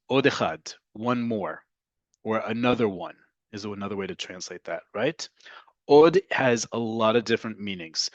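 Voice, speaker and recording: A man teaching a casual online language lesson. He explains at length, checks in with "right?" all the time, and slows down to model phrases. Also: medium pitch, no room sound.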